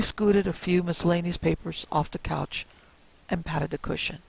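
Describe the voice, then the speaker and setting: Gravelly male storyteller, measured and suspenseful. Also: fairly high pitch, fairly even intonation, low-quality recording. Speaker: narrator. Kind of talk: first-person storytelling narration.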